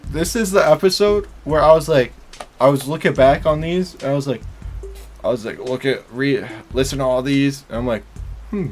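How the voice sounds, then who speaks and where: A man's voice: mid-range voice, moderate pace, soft background music. A young man co-hosting a casual podcast, joking and laughing a lot. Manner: laughs often, jokey. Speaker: podcast co-host.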